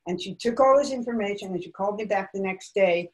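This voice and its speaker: A woman's voice: mid-range voice, fast talker, darkish tone, rough recording. A middle-aged woman from Los Angeles, a guest author candidly telling a personal family story in an emotional, reflective way. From Los Angeles, United States.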